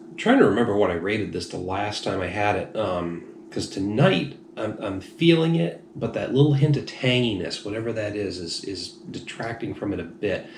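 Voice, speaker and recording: Gravelly low-voiced man, rambling and frank. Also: normal speed, hardly any pauses. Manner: rambling, frank, self-deprecating. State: slightly tipsy. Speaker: beer reviewer. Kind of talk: casual review monologue. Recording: echoey room, faint noise.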